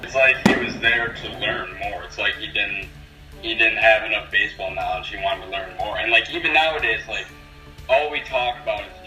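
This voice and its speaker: A man's voice: fairly low pitch, normal speed, bright, forceful tone, far from the mic, soft background music. A man, the player's brother, talking enthusiastically in a casual interview with many likes. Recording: roomy, off-mic sound.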